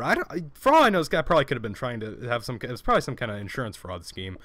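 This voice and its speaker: A man's voice: medium pitch, wildly swooping pitch, rapid-fire, fairly bright tone. A man hosting a let's play, casually telling a story while gaming, rambling with many restarts and stammered repeats.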